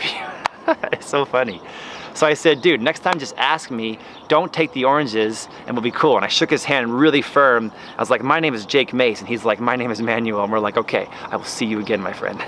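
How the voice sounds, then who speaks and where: A man hosting a gardening vlog, telling a story in a chatty, animated way while standing in his front yard. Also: mid-range voice, a little hiss or hum. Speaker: gardening channel host.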